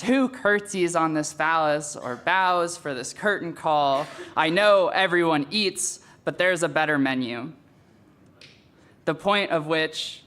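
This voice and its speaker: Young male student poet, fairly high and bright voice; offhand intro, then steady, earnest reading. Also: smooth. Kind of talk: live poetry reading.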